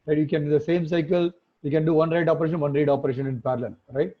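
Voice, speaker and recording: A man's voice: a little high, fairly even intonation, rapid-fire. A man teaching an online class, explaining things step by step and often checking with tag questions. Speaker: instructor. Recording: phone-like muffled call audio.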